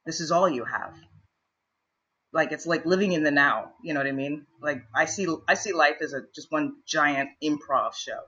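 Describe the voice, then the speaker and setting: A woman's voice: low-pitched, moderate pace, sharp tone, dull audio, a little hiss or hum. A woman actress, a guest in an interview, telling stories in a chatty way with many fillers and restarts. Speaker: guest, actress and improv performer. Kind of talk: casual storytelling interview.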